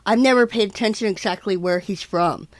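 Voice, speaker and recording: A woman's voice: medium pitch, a little fast, no echo. Woman cohost, chill, lots of mm-hmms and little asides, dry close sound. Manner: relaxed, chimes in with short agreements and side remarks. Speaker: film review podcast co-host. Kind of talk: casual chat.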